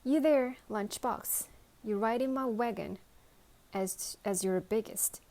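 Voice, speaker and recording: Bossy painted knight toy, loud orders, woman voicing him. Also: medium pitch, slow pace, vocal fry. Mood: commanding.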